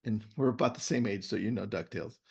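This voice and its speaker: Gravelly-voiced man hosting a webinar. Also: on the low side, fast. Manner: animated storyteller. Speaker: webinar host. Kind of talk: casual webinar chat. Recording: muffled lo-fi web audio.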